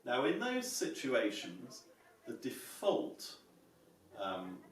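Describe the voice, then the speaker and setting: A man teaching psalm chanting in a measured, explanatory way, playing the piano as he goes. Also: mid-range voice, wildly swooping pitch. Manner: measured and explanatory, often saying "yeah?"; plays piano while demonstrating. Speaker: choral music teacher. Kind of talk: music lesson on psalm chanting. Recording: echoey room, distant mic, piano.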